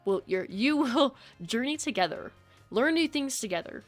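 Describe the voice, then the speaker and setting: A woman's voice: on the high side, lively intonation, moderate pace, soft background music, pitched above the performer's own voice. A woman reading a formal school head's speech to students in a put-on British accent. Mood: solemn.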